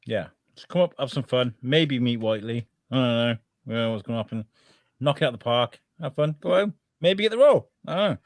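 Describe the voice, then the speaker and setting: A man from Portsmouth hosting a casual podcast, joking and animated as he tells stories. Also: mid-range voice, a little fast, no echo. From Portsmouth, England. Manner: jokey and animated. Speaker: podcast host.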